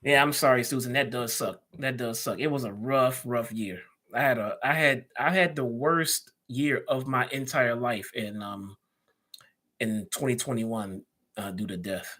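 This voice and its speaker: Male live-stream host, Chicago accent, casual chatter, average pitch. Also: measured pace, sharp tone. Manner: chatty, reads out viewer comments and answers them.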